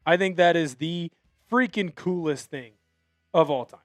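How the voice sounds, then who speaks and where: A man hosting a live sports show, chatting excitedly with many fillers and restarts. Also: on the high side, a little slow, dry recording, soft background music. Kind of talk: excited casual live commentary.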